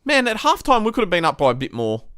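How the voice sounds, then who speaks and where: A man's voice: sits high, fast talker, clear, resonant tone, dry recording, studio quality. A man hosting a live-stream footy review, swearing heavily and ranting in frustration, his voice jumping up when he gets worked up. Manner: excitable, voice jumps up when worked up.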